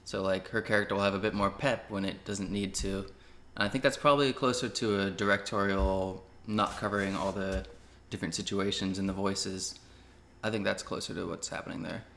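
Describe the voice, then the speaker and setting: A young man co-hosting a casual movie review chat, laid-back and agreeable, quick to laugh. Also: low voice, steady tone, fairly bright tone, a little hiss or hum. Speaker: co-host.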